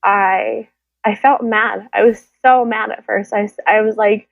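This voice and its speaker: A woman's voice: mid-range voice, fairly even intonation, unhurried, creaky, no room sound. A woman telling her own story candidly and emotionally, acting out what others said. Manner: emotional, quotes people in their own voices. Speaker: guest sharing her story. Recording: tinny phone-like line, dry.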